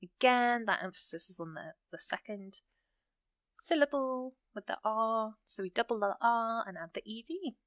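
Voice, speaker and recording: A woman teaching English grammar, explaining rules patiently and reading example sentences slowly with stressed key words. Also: a little high, no echo, studio quality.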